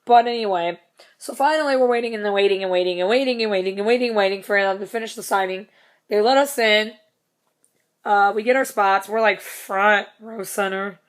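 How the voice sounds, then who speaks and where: A woman's voice: mid-range voice, brisk. Young woman rambling through a story. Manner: rambling, swears casually, laughs between lines. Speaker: vlogger. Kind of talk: casual storytelling vlog.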